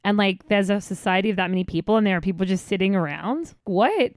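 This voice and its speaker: A woman's voice: mid-range voice, fast, no room sound, studio quality. An Australian woman co-hosting a podcast, chatting casually and often saying "like". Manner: chatty, many "like" fillers. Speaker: podcast co-host. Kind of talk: casual chat.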